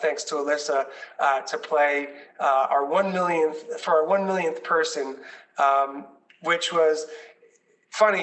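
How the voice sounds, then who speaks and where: A man's voice: on the high side, a bit bright, recorded from a distance, rough recording. A man leading a nonprofit, telling stories with enthusiasm and many fillers in a conversational chat. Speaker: nonprofit leader.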